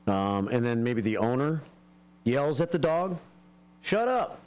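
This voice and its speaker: A man's voice: medium pitch, animated, unhurried, darkish tone, smooth. Man, radio host, easygoing casual chat. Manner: easygoing, reads the phone number.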